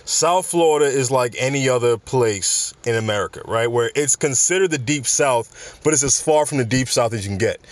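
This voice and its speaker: A medium-pitched man from New York speaks at a moderate pace with no room sound, hosting a solo podcast from his home in South Florida. His commentary is casual and full of street slang, wandering into rambling asides.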